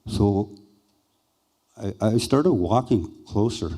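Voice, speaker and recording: An older man slowly and haltingly recounting a personal experience as a speaker at a conference. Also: on the low side, dark tone. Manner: slow, halting, reflective. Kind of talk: personal storytelling.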